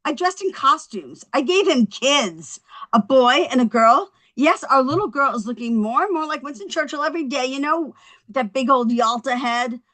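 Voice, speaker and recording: An actress at a table read playing a tipsy young woman who rambles through stand-up after her husband left, full of quick self-mocking asides. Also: sits high, lively intonation, fairly bright tone. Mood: rambling. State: a little drunk.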